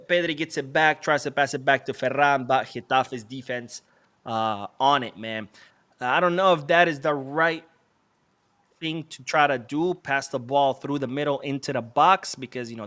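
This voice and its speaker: A man's voice: on the high side, a bit bright. A man hosting a live match watch-along stream, chatty and self-deprecating as he calls the play and reads viewer comments aloud.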